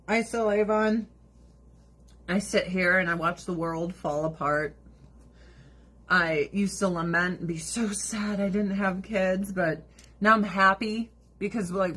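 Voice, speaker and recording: A woman's voice: medium pitch, fairly bright tone. A woman chatting casually to camera in a blunt, profane way. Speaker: vlogger. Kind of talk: casual chat.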